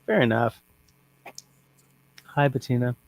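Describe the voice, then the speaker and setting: Relaxed man reading out livestream chat. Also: mid-range voice, slow, creaky. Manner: relaxed, reads viewer comments aloud.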